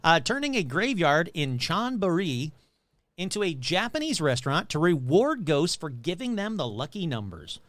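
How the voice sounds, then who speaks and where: A man hosting a podcast, reading paranormal news in a jokey, animated way and tripping over words. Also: a little high, normal speed, no echo. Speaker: podcast host. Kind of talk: casual paranormal news commentary.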